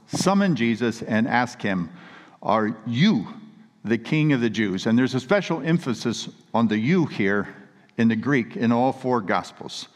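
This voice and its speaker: A man preaching a sermon with earnest, emphatic storytelling. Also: mid-range voice. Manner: earnest, emphatic storytelling with read scripture quotes. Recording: long reverb of a large hall.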